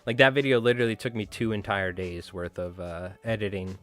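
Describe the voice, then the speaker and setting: A man's voice: fairly low pitch, steady tone, a little fast, fairly bright tone. A man hosting a casual fly tying livestream who chats with viewers, rambles from one story to the next and swears freely.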